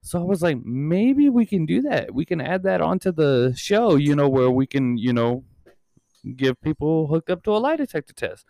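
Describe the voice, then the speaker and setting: A man in his thirties rambles through a casual podcast chat, cursing freely as he goes. His voice is smooth and resonant, recorded close and dry with no room sound. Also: on the high side, sing-song, normal speed, mellow, dry recording. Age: 30s. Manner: rambling and heavily profane. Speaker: podcast and channel host.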